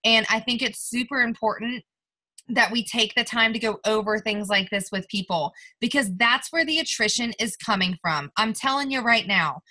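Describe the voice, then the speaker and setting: A woman's voice: mid-range voice, sharp tone. A woman leading her sales team in a motivational call, talking directly and emphatically, with chatty "like" and "right?" tags.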